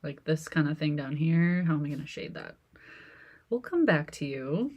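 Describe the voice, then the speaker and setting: A woman's voice: sits low, animated, normal speed, darkish tone. A woman who hosts an art channel, chatting casually and laughing often as she sketches in her home office. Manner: giggly, rambling, with frequent laughs. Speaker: artist and video host. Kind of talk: casual chat while sketching.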